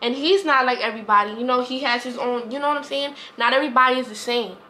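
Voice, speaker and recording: Woman vlogger, earnest rambling talk, bright crisp voice, faint hiss. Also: sits high, fast. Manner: earnest, rambling, repeats herself. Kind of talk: heartfelt casual talk to camera.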